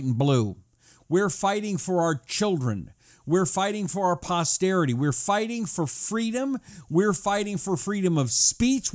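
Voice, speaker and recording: A middle-aged man hosting a talk radio show, reading listener messages and giving emphatic, repetitive commentary. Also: high voice. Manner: emphatic, repetitive, sometimes drawn out.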